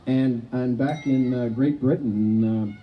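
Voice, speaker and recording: A man's voice: medium pitch, fairly even intonation, slow pace, dull audio, faint music behind. A man presenting a live outdoor stage show, rambling and playful, with many asides. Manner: chatty, full of "you know" asides, playful showman.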